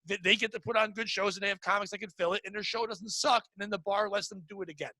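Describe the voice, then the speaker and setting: A man's voice: high-pitched, fairly even intonation, pushed and bright, no room sound, studio quality. A young man hosting a comedy podcast, talking bluntly and profanely in casual banter. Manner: blunt, profane, rapid-fire. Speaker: podcast host, stand-up comic.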